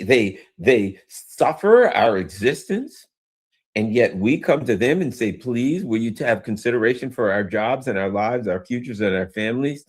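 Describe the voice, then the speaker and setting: A man's voice: on the low side, a little mellow. A man hosting a solo commentary stream, ranting in a heated, emphatic way, stumbling and restarting often, tired and yawning. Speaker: political commentary host.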